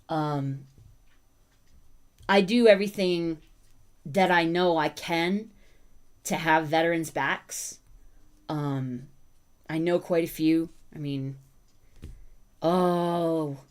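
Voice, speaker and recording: A woman hosting a casual livestream, chatting with viewers and breaking off to talk to her dogs. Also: sits low. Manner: chatty, talks to her dogs and chat between thoughts. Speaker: livestream host.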